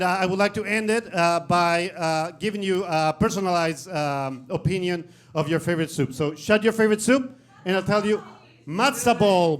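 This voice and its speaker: A man performing a stand-up comedy set on stage, with animated, mock-outraged rants and quick asides. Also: high-pitched. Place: comedy stage before a live audience. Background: audience laughter.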